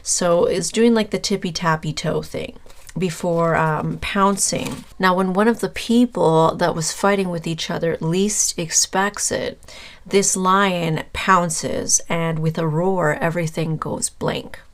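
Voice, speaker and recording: A woman with a somewhat low voice gives a casual tarot reading and speaks directly to her viewer. She rambles in a loose, conversational way and often stops with fillers to hunt for the right word. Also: steady tone, slow. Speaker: tarot reader.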